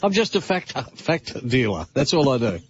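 A man's voice: mid-range voice, big pitch swings, moderate pace. A man hosting a radio show, telling anecdotes with a chuckle and bantering with his co-host and callers. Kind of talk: casual radio chat and storytelling. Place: radio studio. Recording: dull studio audio.

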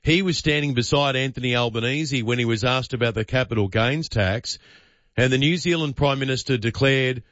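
A man's voice: medium pitch, normal speed, a bit bright, no room sound, dull audio. An Australian man hosting a breakfast radio show, delivering opinion commentary with punchy, emphatic rhetoric. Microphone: studio microphone.

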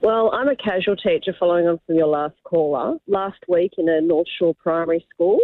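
A woman's voice: fairly low pitch, animated, brisk, dry recording. Indignant Australian woman on phone line. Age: older. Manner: indignant, emphatic. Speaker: caller, casual teacher. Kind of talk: talkback call.

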